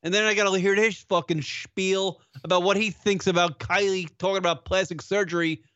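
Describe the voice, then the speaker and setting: A man's voice: high-pitched, brisk, no echo, highs cut off. A man co-hosting a call-in internet radio show, ranting and swearing in casual banter. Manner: ranting, swears often, animated. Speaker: podcast co-host.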